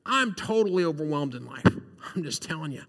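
Earnest conversational male pastor, high voice, long reverb. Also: animated, brisk, a bit bright. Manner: earnest and conversational, often asks "right?". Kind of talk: sermon.

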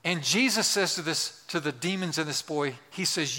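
Speaking at a moderate pace with hardly any pauses, a man in his sixties preaches emphatically in a large church in a slightly high, sharp voice. He repeats key phrases and asks the congregation questions while the big hall's long reverb rings around him.

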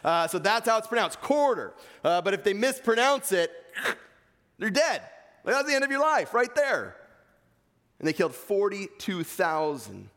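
A man's voice: fairly high pitch, fairly bright tone. A man with an East Coast American accent preaching a sermon, reading scripture and pressing his points earnestly. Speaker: pastor. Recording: long hall reverb.

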